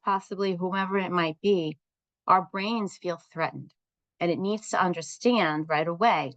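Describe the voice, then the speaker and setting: Woman facilitator, slightly low voice, steady teaching delivery, dry close recording. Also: no room sound, lo-fi sound. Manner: calm, explanatory, asks the group questions. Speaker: parent support group facilitator. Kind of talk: instructional talk to a group.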